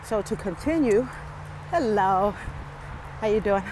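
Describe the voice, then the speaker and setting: Out of breath on a wooded lakeside trail, a woman films herself on a handheld phone and jokes casually with her viewers. She sounds animated at a measured pace, medium in pitch, against a noisy background.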